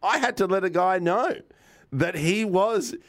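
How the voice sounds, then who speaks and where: Australian man, podcast co-host, casual storytelling, swears freely, fairly high voice. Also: measured pace. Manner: animated, swears freely, acts out both sides of conversations.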